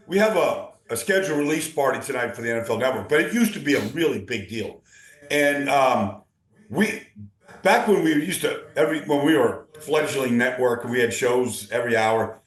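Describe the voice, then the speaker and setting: Rambling male football analyst, echoey room. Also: on the high side. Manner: rambling, animated, many restarts. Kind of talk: casual sports talk.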